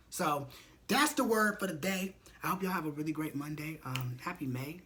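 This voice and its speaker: A man's voice: a little high, lively intonation, a little fast, fairly bright tone. A man vlogging motivational advice to his viewers, chatty and candid, swearing casually and calling them y'all. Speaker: vlogger giving life advice. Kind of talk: casual motivational talk to camera.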